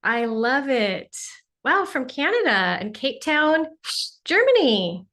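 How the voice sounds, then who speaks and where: A woman with a somewhat high voice chats warmly and effusively as she hosts a live stream. She greets viewers one by one with frequent exclamations and sounds a little sniffly from allergies. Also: sing-song, takes it slowly. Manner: bubbly, effusive, exclaims often. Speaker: livestream host and spiritual teacher. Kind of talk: casual livestream chat greeting viewers.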